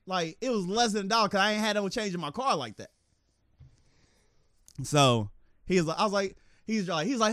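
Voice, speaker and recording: A man tells a story with animated energy in casual podcast chat, his fairly high voice swinging up and down. He laughs often and jumps into a higher voice to act out quotes. The sound is dry and close. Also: a little fast, pauses often, no echo. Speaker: podcast co-host.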